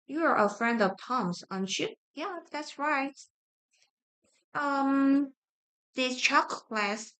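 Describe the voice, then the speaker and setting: A woman whose first language is Korean, reading simple grammar practice sentences aloud, repeating each one with halting restarts. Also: medium pitch, a bit bright. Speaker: study-with-me streamer.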